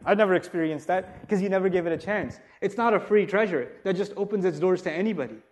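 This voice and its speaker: A man teaching a religious lecture to a live audience, chatty and joking, asking rhetorical questions and turning forceful when urging respect. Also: high voice, quick pace. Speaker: Islamic teacher.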